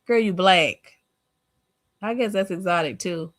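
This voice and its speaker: Unhurried, sassy woman streamer with blunt, salty reaction commentary. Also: on the low side. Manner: sassy, blunt, swears and laughs often. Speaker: streamer reacting to social media posts.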